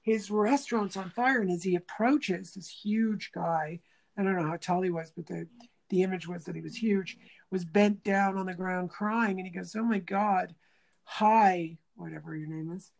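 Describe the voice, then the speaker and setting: Speaking at a normal speed, a woman with a lowish voice and vocal fry chats casually in an interview. She brings her stories to life by performing the quoted lines, and she restarts phrases as she works out her thoughts.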